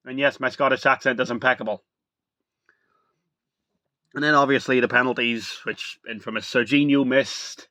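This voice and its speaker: A young man talking casually to camera as a video reviewer, rambling and excitable, full of "like" and "literally". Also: medium pitch, moderate pace, dry recording.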